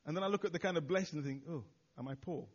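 After a sermon, a church leader reflects on it hesitantly, with many "uh"s, restarts, and self-deprecating remarks. His voice is a little high, rapid-fire, and husky, and the recording sounds muffled.

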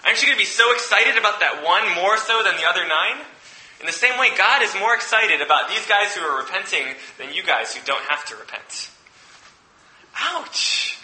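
A man's voice: high voice, expressive, a little fast, sharp tone. A man preaching a sermon, reading a parable aloud and then explaining it in a conversational way, with frequent restarts and asides. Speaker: pastor. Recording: echoey room.

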